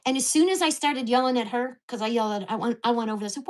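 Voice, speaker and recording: A woman vlogger ranting to the camera, with profane, fast-shifting storytelling and an exasperated, indignant tone. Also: fairly high pitch, a little mellow. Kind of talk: angry rant to camera.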